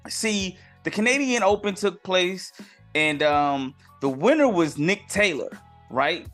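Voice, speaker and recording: A man's voice: high voice, lively intonation, slow, a bit bright, faint music behind. A man hosting a sports podcast segment, giving his casual take on the week's news with slang-filled, exasperated asides.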